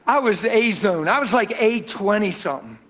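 High-voiced folksy preacher telling stories. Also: male voice, moderate pace. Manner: folksy, animated storytelling. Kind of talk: storytelling sermon.

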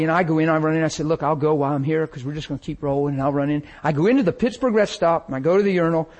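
Male preacher, high voice, animated sermon testimony. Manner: animated storytelling, acting out his own crying.

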